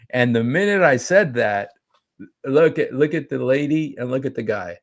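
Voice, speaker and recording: Gravelly-voiced middle-aged man chatting excitedly. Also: medium pitch, moderate pace. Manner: excited, chatty retelling with laughs and restarts. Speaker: street preacher recounting an outreach encounter. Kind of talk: casual talk over a played clip.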